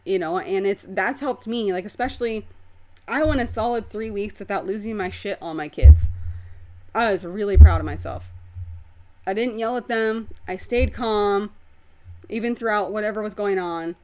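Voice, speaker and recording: Recorded on a video podcast setup, a woman hosts her show and speaks openly and expressively about her own life, with offhand swearing. She has a medium-pitched, darkish voice and a moderate pace.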